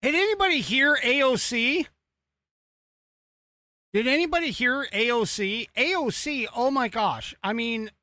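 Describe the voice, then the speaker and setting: Male host, American accent, unhurried, bright voice, dry close sound, exasperated and rambling. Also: very high voice, no echo. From United States. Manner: rambling, exasperated, sarcastic asides. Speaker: podcast host. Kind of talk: casual political commentary.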